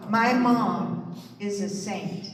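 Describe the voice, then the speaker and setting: A woman's voice: mid-range voice, very slow. A woman giving an encouraging sermon at a church service and asking the congregation to answer her. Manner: encouraging, calls for congregation responses. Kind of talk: inspirational sermon talk. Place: church sanctuary. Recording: echoey hall, distant mic, faint music.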